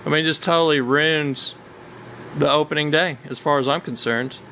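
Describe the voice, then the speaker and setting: A man's voice: fairly high pitch, steady tone, moderate pace, sharp tone, a little hiss or hum, low-quality recording. A man casually recounting a hunting trip, rambling along with many ums and uhs. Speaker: hunter telling a story. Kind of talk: casual storytelling chat.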